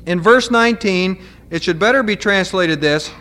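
High-voiced male pastor preaching earnestly. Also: sharp tone. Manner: earnest, explanatory preaching with deliberate emphasis. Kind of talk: sermon.

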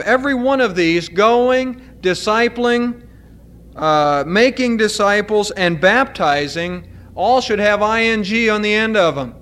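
High-voiced male pastor preaching earnestly. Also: expressive, fairly bright tone. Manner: earnest, explanatory preaching with deliberate emphasis. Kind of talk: sermon.

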